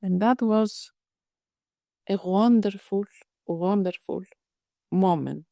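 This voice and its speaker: Slow, measured woman psychiatrist telling a case. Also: mid-range voice, gravelly, warm tone, no room sound, studio quality. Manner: slow, measured storytelling with frequent restarts. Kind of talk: case presentation in a webinar. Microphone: video call.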